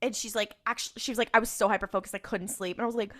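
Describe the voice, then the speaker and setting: A woman's voice: mid-range voice, very fast. A woman co-hosting a podcast, recapping episodes in casual chat and acting out the characters' lines. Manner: animated storytelling with quoted voices and laughter. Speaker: podcast co-host.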